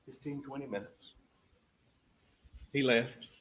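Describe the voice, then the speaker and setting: A man's voice: mid-range voice, steady tone, slow, a bit bright, rough recording. A man giving a closing argument as a prosecutor in a courtroom, emphatic and full of rhetorical questions that drive home each point.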